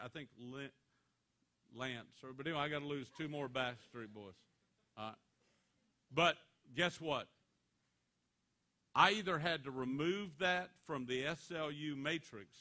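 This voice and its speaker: Bright-voiced animated male motivational speaker. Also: mid-range voice. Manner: animated joking storytelling. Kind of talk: motivational speech to students.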